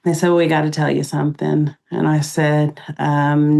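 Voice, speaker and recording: Woman, middle-aged, low voice, flat delivery, halting speech with fillers, podcast guest interview. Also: vocal fry. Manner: halting, many pauses and fillers. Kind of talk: emotional interview recounting.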